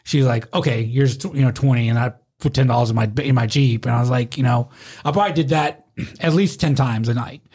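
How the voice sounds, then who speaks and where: Fairly quick and slightly rough, this medium-pitched male voice spins wild tales from his time as a bar doorman. Chatting casually, he performs the quotes in character, curses heavily, and breaks into laughter again and again.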